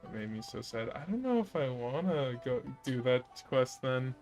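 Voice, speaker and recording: A woman's voice: very deep voice, big pitch swings, normal speed, darkish tone, faint music behind. A woman streamer giving casual gameplay commentary, emotional, giggling and swearing.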